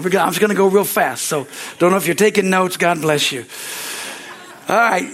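Male pastor, high voice, fiery sermon, repeats lines, calls for amens. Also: a little fast. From United States. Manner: excitable preaching, rising to loud exclamations.

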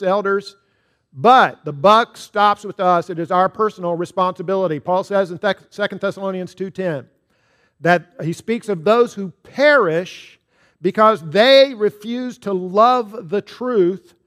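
Casting note: male pastor, higher-pitched voice, preaching a Sunday sermon with a light comic touch. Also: a bit bright. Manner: preaching with humor and a told joke.

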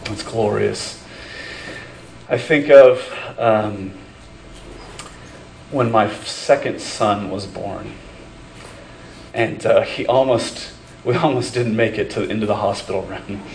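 A man's voice: on the low side, takes it slowly, creaky, pauses often, darkish tone, reverberant, low-quality recording. A man preaching a sermon as pastor, telling personal stories in a conversational way with many fillers and restarts. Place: church sanctuary.

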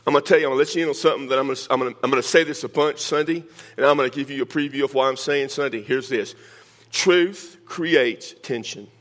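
A man's voice: medium pitch, steady tone, racing, fairly bright tone. An older man preaching a sermon, teaching verse by verse with joking asides to his congregation. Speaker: pastor.

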